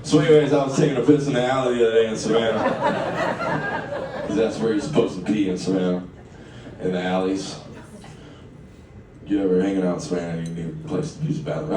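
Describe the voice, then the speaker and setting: A young man tells his stand-up set in a relaxed, chatty way, often chuckling at his own lines. His slightly low voice bounces around a very echoey room and sounds a little far from the mic. A steady background murmur sits under him. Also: background noise. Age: late 20s. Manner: conversational, chuckles through lines, loud acted quotes. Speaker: stand-up comedian. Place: live comedy venue, echoey room. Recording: echoey live room, distant, crowd ambience.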